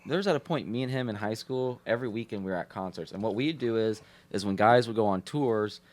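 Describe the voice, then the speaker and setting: A man, a podcast guest and rapper, telling stories quickly and repeating "literally" and "like.". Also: lowish voice, lively intonation, darkish tone. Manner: quick, repetitive storytelling with "literally" and "like". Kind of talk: casual chat.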